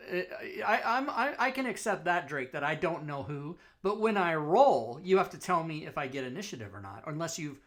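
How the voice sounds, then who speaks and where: Male player, slightly high voice, eager, pushes back on the rules. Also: sing-song, a bit bright. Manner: eager, quick to argue the rules. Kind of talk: playing a tabletop game over a voice call.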